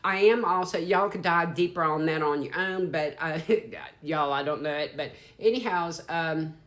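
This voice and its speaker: A woman's voice: low-pitched, moderate pace, a bit bright. A woman in her fifties with a Southern US accent, giving a rambling, frank and sometimes profane channeled tarot reading. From Deep South, USA. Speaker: psychic tarot reader.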